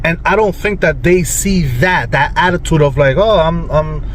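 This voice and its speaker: A man's voice: on the high side, moderate pace, fairly bright tone, a little hiss or hum, poor audio. A man giving casual commentary in a hesitant way, stopping often with fillers and restarts, recorded in a car.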